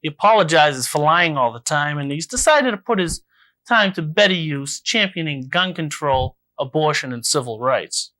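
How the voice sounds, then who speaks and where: A man hosting a mock book review segment, delivering satire in a dry, deadpan way. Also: on the high side, moderate pace.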